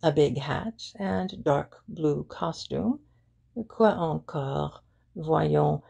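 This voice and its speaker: A woman's voice: low voice, very slow, lo-fi sound, exaggerated voice. A woman voicing an eager young shop girl who chats readily and slips into phrases. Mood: eager, helpful. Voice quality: gravelly, husky. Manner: lively, helpful, sprinkles French phrases.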